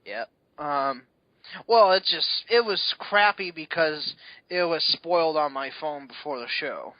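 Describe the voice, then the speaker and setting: A man's voice: a little high, a little slow, no room sound. A man co-hosting a wrestling podcast in casual chat, telling stories in a chatty, rambling way. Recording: dull lo-fi recording.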